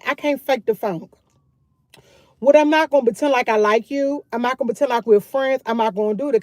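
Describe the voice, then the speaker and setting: A woman's voice: on the high side, a little mellow, no room sound. A woman, live-streaming outdoors on her phone and chatting candidly with viewers, talking freely and repeating herself. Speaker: vlogger live-streaming to chat. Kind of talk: casual live-stream chat.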